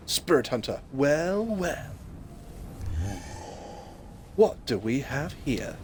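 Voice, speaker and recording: A man's voice: on the high side, sing-song, measured pace, a little mellow, a little hiss or hum. A man streaming a video game live, chatting playfully and rambling, often laughing. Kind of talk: live gameplay commentary. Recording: game music playing behind. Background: video game music.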